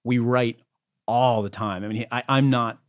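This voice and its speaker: A man speaking as a podcast guest, wordy and halting, with frequent fillers and restarts. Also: mid-range voice, steady tone. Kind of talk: conversational interview.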